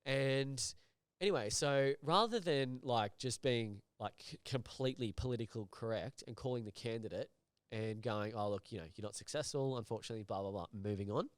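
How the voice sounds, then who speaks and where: A man, a recruitment agency director, telling an anecdote in casual chat, animated and swearing freely. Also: mid-range voice, a little fast, clear, resonant tone, dry recording, studio quality. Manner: animated, swears a lot, acts out voices in anecdotes.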